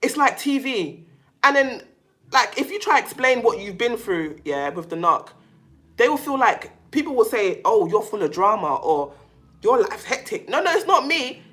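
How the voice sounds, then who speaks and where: Woman vlogger, casual monologue, emphatic and animated, bright tone. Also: fairly high pitch, normal speed. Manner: emphatic, animated, calls the listener "baby"; repeats herself and restarts often. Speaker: vlogger talking about narcissistic abuse.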